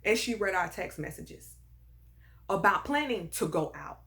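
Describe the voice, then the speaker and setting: A woman telling a personal story in a casual, animated and emphatic way, full of sass. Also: mid-range voice, a little slow. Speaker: storyteller vlogger.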